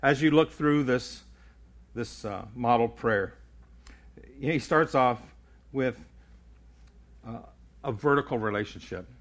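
An older man delivering a sermon from the pulpit in an earnest, teaching manner. His voice sits in an ordinary middle pitch, and he often trips over words and restarts them before pressing on. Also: slow, pauses often. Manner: earnest preaching with frequent stammered restarts. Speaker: pastor.

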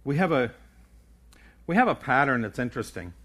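An older pastor preaches from the pulpit in an earnest, teaching way, his middle-pitched voice a bit bright and sing-song. He talks fairly quickly, often tripping over words and restarting them before pressing on.

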